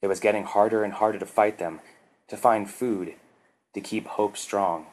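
A man narrating a science fiction story in a measured, dramatic way. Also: on the low side, fairly even intonation. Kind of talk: scripted narration.

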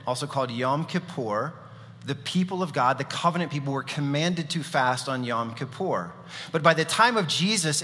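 A man's voice: a little high, pushed and bright. A man preaching a sermon as pastor, telling stories casually with fillers and asides. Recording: long reverb of a large hall.

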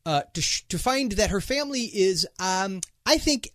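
A man hosting a casual movie podcast, telling the story with jokes and a playful, animated delivery. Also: high-pitched, moderate pace. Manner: joking, animated storytelling with playful put-on accents. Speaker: podcast host.

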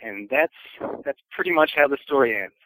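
A man casually telling a long anecdote, chatty and relaxed, acting out the voices of the people in it. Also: medium pitch, a little fast, no echo, poor audio. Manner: relaxed, chatty, acts out quoted voices, chuckles. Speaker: storyteller. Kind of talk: casual podcast storytelling.

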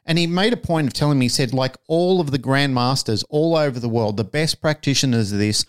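A man's voice: medium pitch, a little fast, clean tone. A man co-hosting a podcast, telling a story casually and animatedly, swearing freely and acting out the lines he quotes. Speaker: podcast co-host.

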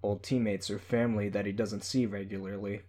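A man's voice: on the low side, little pitch movement, brisk, warm tone, natural voice. A man reading a matter-of-fact male hero. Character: analytical young male hero.

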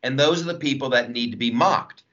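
A man who is a stand-up comedian, talking casually in an interview with a jokey, animated manner and acting out quoted voices. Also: medium pitch, a little fast. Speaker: comedian guest. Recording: dull lo-fi audio.

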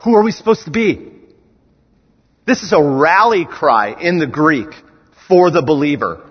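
Male preacher, husky and lively, measured delivery, emphatic rhetorical questions; echoey church hall, muffled recording. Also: on the high side. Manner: emphatic, rhetorical questions, rising to rallying calls. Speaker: student ministries director preaching. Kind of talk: sermon. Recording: echoey hall, dull lo-fi sound.

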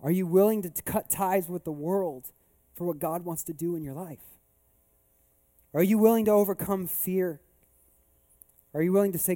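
A man's voice: high-pitched, normal speed, pauses often, mellow. A male pastor preaching a sermon at a church service. He tells a story in a conversational way, then builds to emphatic rhetorical questions.

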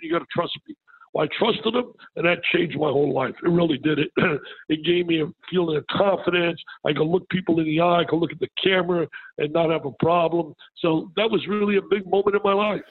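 A man's voice: a little high, husky. An older man, a guest in an interview, telling stories animatedly and acting out quoted dialogue. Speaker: guest, basketball broadcaster. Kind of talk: storytelling interview. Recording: tinny phone-like line.

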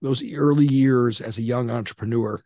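A man in his fifties talks as an interview guest, wandering through his story with frequent restarts and fillers. His voice sits at an ordinary middle pitch, and the recording is close and dry. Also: steady tone, moderate pace, dark tone, no room sound. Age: 50s. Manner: rambling, many restarts and "you know"s. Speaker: guest entrepreneur.

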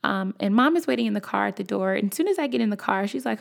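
Gravelly-voiced woman telling a story. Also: medium pitch, fairly quick. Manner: animated, conversational, addresses listeners as y'all. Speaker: podcast host. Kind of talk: casual storytelling.

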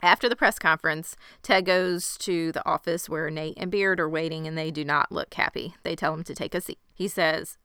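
Casting note: woman, bright crisp voice, brisk recap with asides, dry close sound. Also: on the low side, animated, dry recording. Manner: brisk plot summary with side jokes. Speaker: podcast co-host recapping a TV episode. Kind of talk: casual chat.

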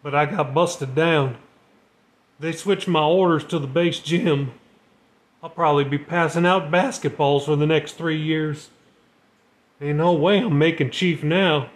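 A man's voice: fairly high pitch, steady tone, a little slow, lightly acted. A man voicing a demoted navy sailor who speaks plainly and shakily with regret in a storybook reading. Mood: resigned. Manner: plain-spoken, slangy, shaky with regret. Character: remorseful demoted male navy sailor, gruff.

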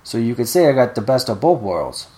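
A man's voice: very animated, brisk, dark tone, natural voice. A man voicing a kind but fierce older woman shopkeeper, reading her lines in a raised voice with a Southern dialect. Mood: reassuring. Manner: raised pitch, folksy dialect delivery.

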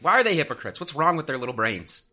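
A man hosting a history podcast, talking casually in an animated, sarcastic way. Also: on the high side, fast talker.

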